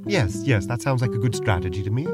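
A man's voice: mid-range voice, animated, fast, over loud music. A skeptical man co-hosts comedy banter in a dry, prim manner. His mid-range voice moves up and down a lot as he questions everything. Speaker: co-host. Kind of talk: comedic improvised role-play banter.

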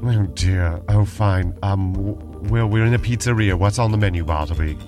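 A man's voice: fairly low pitch, normal speed, over music. A man co-hosting a podcast, dry and exasperated in playful banter. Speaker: podcast co-host. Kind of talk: playful role-play banter.

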